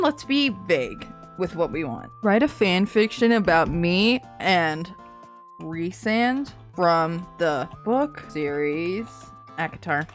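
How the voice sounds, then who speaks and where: A woman reading fanfiction aloud, hushed and soft in the story parts, with excited comments in between. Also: fairly low pitch. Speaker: content creator.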